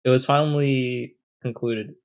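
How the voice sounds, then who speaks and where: A man's voice: medium pitch, fairly even intonation, a little slow. A young man co-hosting a podcast, explaining things at length in a rambling, casual way with many fillers. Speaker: podcast co-host. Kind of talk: casual chat.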